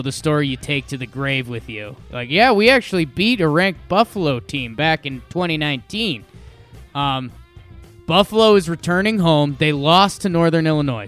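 A man's voice: a little high, fairly bright tone, clear, resonant tone. A man co-hosting a podcast, chatting casually about sports bets in a rambling, joking way with many restarts. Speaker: podcast co-host making betting picks.

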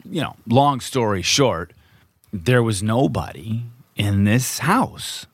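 A man's voice: on the low side, lively intonation, takes it slowly, slightly rough, no echo, clean studio sound. A middle-aged man, a podcast co-host, telling a story in casual chat, acting out quotes and swearing freely.

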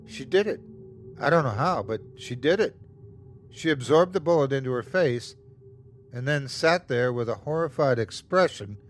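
A man hosting and narrating a horror story in the first person with a slow, tense delivery. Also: mid-range voice. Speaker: host and narrator.

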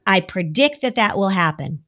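A woman's voice: lively intonation, moderate pace. A middle-aged woman therapist on a podcast, explaining to parents how to respond to a child's worry and now and then mimicking a whiny child. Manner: warm, coaching, acts out kids' voices in a high whine. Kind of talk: conversational advice podcast.

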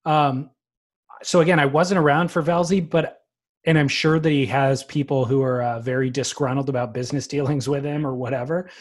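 A man telling a story in a relaxed, wry way during a casual podcast chat. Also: medium pitch, fairly quick.

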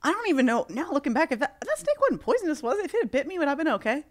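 A woman's voice: sits high, sing-song, rapid-fire. A woman guest on a podcast, telling a story in a casual, playful way. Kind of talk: casual chat.

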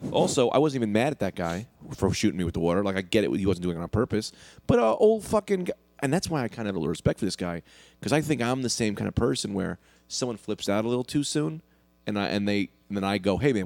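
Gravelly, fast-talking brash man. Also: on the low side, no echo. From New York. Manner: brash, animated storyteller. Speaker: podcast co-host. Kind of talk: casual chat, storytelling.

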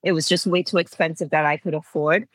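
A woman's voice: low voice, fairly even intonation, fast, dry recording, poor audio. Heartfelt mother from Antigua. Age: 40s. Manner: heartfelt, laughs through tears, restarts phrases. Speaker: interview guest. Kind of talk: emotional personal storytelling.

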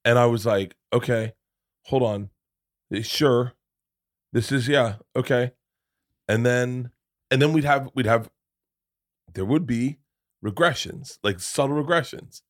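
A middle-aged man telling stories in a casual podcast chat, profane and animated, with many asides. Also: mid-range voice, measured pace, long pauses, no echo, studio quality. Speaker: podcast guest.

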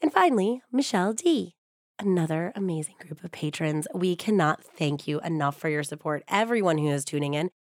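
A woman hosts a true crime podcast in a husky voice, a little hoarse from a cold. Pitched slightly low, she starts out upbeat and chatty, then settles into a steady, measured storytelling read. The studio sound is close and dry, with no room sound.

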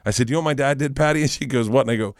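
A man's voice: mid-range voice, rapid-fire, dry recording. Middle-aged comedian guy, wired on coffee, swears a lot, acts out every voice, dry close sound. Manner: animated, profane, acts out voices in stories. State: over-caffeinated, rattling on. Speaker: comedian guest. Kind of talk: casual storytelling chat.

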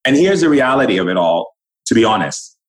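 A man's voice: on the low side, big pitch swings, a little fast, rough recording. A man speaking as a spiritual guide in an impassioned, preachy way, acting out quoted conversations.

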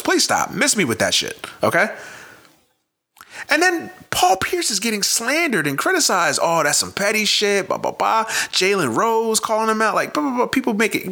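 Casting: man, bright voice, lively swooping pitch, profane and emphatic sports rant. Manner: profane, emphatic, repetitive ranting. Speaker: sports commentator.

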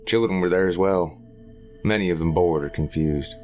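A man with a very deep, low voice narrating a scripted horror tale. He reads in a measured, grave way over faint music. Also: a little mellow.

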